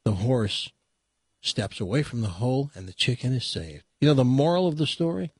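A man's voice: mid-range voice, animated, moderate pace, slightly rough, no room sound, studio quality. A man hosting a radio talk show, telling a long joke in a chatty way with stammered restarts. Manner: chatty, stammering restarts, laughs at own punchlines.

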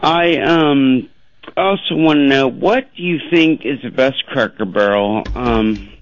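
A man's voice: mid-range voice, takes it slowly, dry recording, lo-fi sound. Hesitant male caller on a call-in show. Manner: hesitant, many fillers. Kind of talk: call-in chat.

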